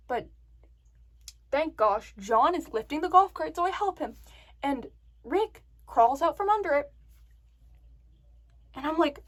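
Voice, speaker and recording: High-voiced chatty woman telling a story. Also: very animated, normal speed, pauses often. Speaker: vlogger. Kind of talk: casual story time.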